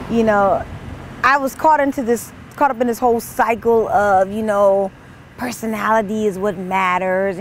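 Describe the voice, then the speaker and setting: A woman's voice: a little high, a little hiss or hum. Exasperated woman in her twenties ranting. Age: 20s. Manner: animated, exasperated rants. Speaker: comedian. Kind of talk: comic monologue.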